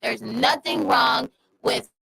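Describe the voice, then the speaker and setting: A woman's voice: sits high, slow, creaky, bright, forceful tone, husky, no room sound, poor audio. A woman speaking frankly and casually in a group podcast chat, with casual swearing.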